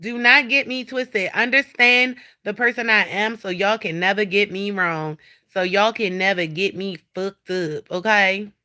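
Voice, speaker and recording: A woman hosting a casual livestream from home, animated, blunt and profane as she talks straight to her viewers. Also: medium pitch, unhurried. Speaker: livestream host. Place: at home indoors.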